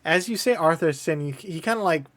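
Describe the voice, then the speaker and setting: A man's voice: fairly high pitch, expressive, brisk, a bit bright. A man narrating a tabletop game as game master, in a casual, loose way.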